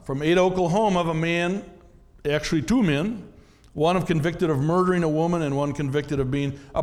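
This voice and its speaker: Man, pastor, sermon, questions to the congregation, reverberant church hall. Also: fairly high pitch. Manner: conversational preaching with rhetorical questions.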